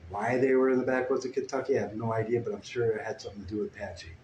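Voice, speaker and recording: A man telling a crude, meandering comic story with deadpan asides. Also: fairly low pitch, rapid-fire, dull audio. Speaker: comedic storyteller. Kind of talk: rambling improvised comic story. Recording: echoey room with faint ambient noise. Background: guitar playing.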